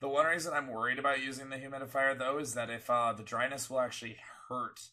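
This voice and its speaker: A man's voice: mid-range voice, steady tone, fast, sharp tone. A sick man co-hosting a casual chat. He rambles, corrects himself, and makes wry remarks. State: sick, coughing. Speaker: podcast co-host.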